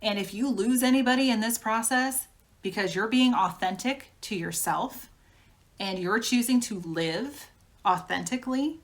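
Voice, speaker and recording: A woman's voice: fairly high pitch, a little slow. A woman giving a casual tarot reading, talking frankly in a chatty way and laughing often. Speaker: tarot reader.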